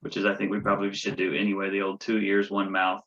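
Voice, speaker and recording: A man hosting an interview asks his questions in a lowish, hesitant voice. He fills his pauses with ums and restarts. The audio sounds dull and lo-fi. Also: completely flat delivery, a bit bright. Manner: hesitant, many fillers and restarts. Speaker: chiropractor host. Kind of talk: interview conversation.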